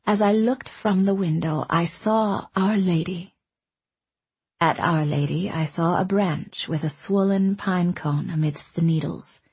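Woman narrator voicing a soft, coaxing storyteller woman. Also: fairly low pitch, unhurried, slightly rough, no room sound, heavily acted.

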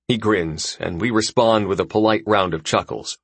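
Husky-voiced male audiobook narrator. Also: deep voice, moderate pace, hardly any pauses, no echo. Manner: expressive, storytelling. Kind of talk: scripted first-person narration.

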